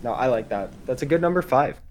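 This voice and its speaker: A man's voice: mid-range voice, animated, quick pace, a little hiss or hum. A man co-hosting a casual podcast, chatty and joking, rambling with many "like"s. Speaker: podcast co-host.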